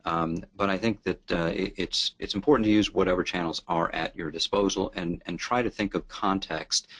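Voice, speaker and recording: A man's voice: low-pitched, steady tone, moderate pace, a bit bright. A man speaking as a panelist in a webinar discussion, hesitant with many fillers and restarts. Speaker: guest panelist.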